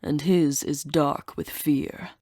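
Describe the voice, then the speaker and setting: An ancient winged beast with an ox's body speaks slowly and gravely, growling each threat, as a woman puts him on. The voice sits low and close, with no room around it. He sounds solemn and menacing, guarding his temple in an audiobook. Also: fairly even intonation, warm tone, no echo, heavily acted.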